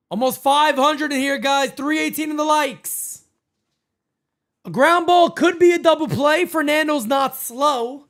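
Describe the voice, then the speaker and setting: High, bright-voiced excitable man. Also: measured pace. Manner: excitable, profane, shouting. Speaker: host of a live baseball watch party. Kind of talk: live play-by-play streaming.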